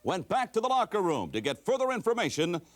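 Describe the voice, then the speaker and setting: A man reading a scripted news update in a formal, measured way. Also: sits high, wildly swooping pitch.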